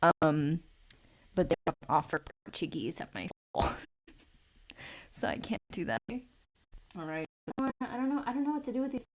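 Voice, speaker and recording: A woman's voice: fairly low pitch, sing-song, unhurried, pauses often. A woman in her late twenties chatting casually and rambling as she draws on a live stream, swearing freely. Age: late 20s. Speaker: art streamer. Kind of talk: casual chat while drawing.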